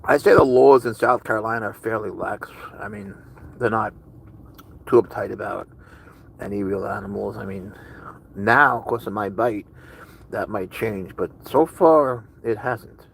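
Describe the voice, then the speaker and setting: A man's voice: fairly low pitch, measured pace, creaky, fairly bright tone, slightly rough, rough recording. A man hosting a casual livestream with his cat, rambling chattily and answering viewers' chat messages. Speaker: livestream host with pet cat.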